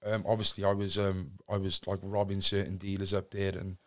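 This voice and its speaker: A man's voice: deep voice, flat delivery, a little fast. A young man with a Cardiff accent, telling his story as a podcast guest in rambling talk full of fillers and restarts. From Wales. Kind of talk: candid storytelling.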